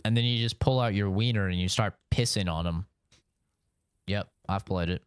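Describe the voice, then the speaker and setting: Male game streamer, loose profane banter, smooth voice, dry close sound. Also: fairly low pitch, normal speed, no echo. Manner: rambling, profane, answers chat with frequent "you know". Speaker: gaming streamer. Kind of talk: casual live-stream chat.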